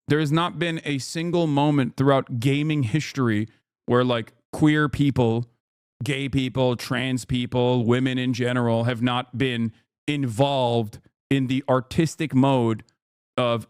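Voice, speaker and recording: A man's voice: mid-range voice, clean tone, no echo, studio quality. A man streaming a reaction video, ranting casually and emphatically, swearing often and checking in with "okay?". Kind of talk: casual profane rant.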